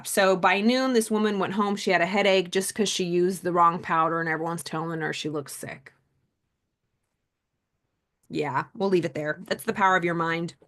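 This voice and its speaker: A middle-aged woman host and mindset coach talking casually on a live stream, animated and chatty. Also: lowish voice. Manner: animated, chatty, acts out quoted people.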